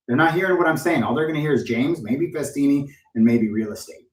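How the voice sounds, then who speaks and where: A man's voice: medium pitch, quick pace, hardly any pauses, echoey room, far from the mic. A man coaching real estate agents in a live-streamed training talk, speaking bluntly and cursing freely. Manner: blunt, profane, animated.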